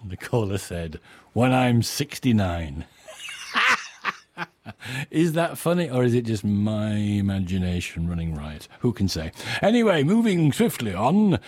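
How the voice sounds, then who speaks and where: A man's voice: lowish voice, big pitch swings, normal speed, hardly any pauses, warm tone. A man in his sixties presenting a casual radio show, rambling and chuckling at his own material. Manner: rambling, self-amused, chuckling often.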